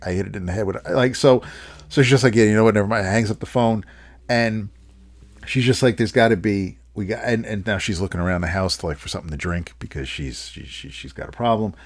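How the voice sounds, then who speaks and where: A man co-hosting a comics podcast, casually recapping a story with many restarts and fillers. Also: fairly low pitch.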